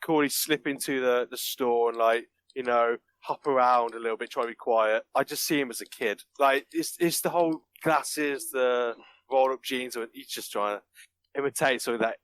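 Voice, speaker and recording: A man's voice: mid-range voice, moderate pace, a bit bright, smooth. A man chatting casually on a podcast, laughing often and acting out movie lines in mock voices. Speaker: podcast guest reviewing a film. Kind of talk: casual chat.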